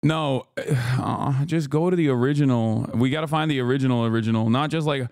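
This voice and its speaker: A man's voice: mid-range voice, a little fast, gravelly, a little mellow, clear, resonant tone, no room sound, clean studio sound. A man streaming live, reacting to clips with sarcastic, profane commentary and mock anger.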